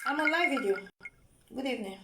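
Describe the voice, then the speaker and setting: A woman with a Nigerian accent speaks to her phone on a live video, her voice sitting high. She scolds and lectures, circling back to the same points again and again. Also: expressive, quick pace, noisy background. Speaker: vlogger.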